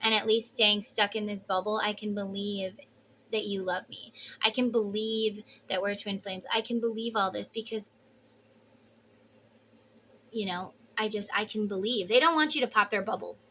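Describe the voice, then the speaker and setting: A woman's voice: mid-range voice, steady tone, moderate pace, pushed and bright, a little hiss or hum. A woman giving a casual tarot reading to her viewers, emotive and chatty, with the odd swear word. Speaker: tarot reader.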